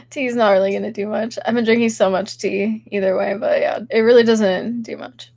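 A woman's voice: medium pitch, steady tone, moderate pace, vocal fry, darkish tone, no room sound. A young woman hosting a casual livestream podcast, chatting with her chat while sick and stuffy, with lots of giggles and filler words. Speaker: podcast host reading chat.

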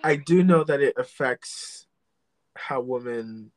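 Slow, hesitant man chatting. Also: mid-range voice, low-quality recording. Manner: hesitant, full of restarts and trailing thoughts. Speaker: podcast co-host. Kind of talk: casual chat.

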